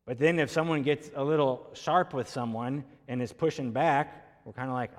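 A man's voice: medium pitch, moderate pace, few pauses. A man preaching a sermon as pastor, emphatic and pressing hard on key words. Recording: long hall reverb.

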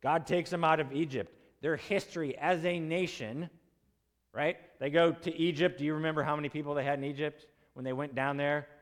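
A man's voice: fairly high pitch, steady tone, fairly quick, big-room sound. A man preaching an expository sermon in a conversational way, asking his listeners questions and acting out quotes in casual voices.

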